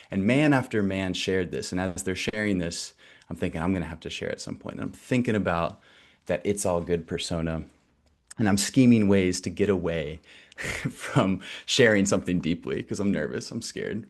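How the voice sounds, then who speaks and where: A man's voice: deep voice, animated, moderate pace, a little mellow. A young adult man, a nonprofit director, telling a candid personal story in a loose, conversational way. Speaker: nonprofit director giving a talk.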